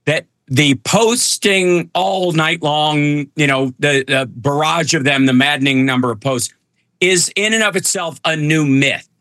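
A man's voice: a little high, unhurried, bright, forceful tone, dry recording. A man guesting on a casual radio talk show, chatty and wry, his voice still recovering after losing it. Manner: chatty and wry, with fillers and self-deprecating jokes. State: recovering from voice loss.

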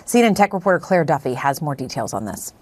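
Steady female news anchor. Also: low voice, fast talker, a little hiss or hum.

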